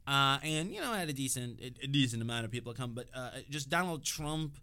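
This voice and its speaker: A man guesting on a radio show to promote his comedy night, chatting casually with halting restarts. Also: medium pitch, animated, sharp tone, smooth. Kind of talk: casual radio interview banter.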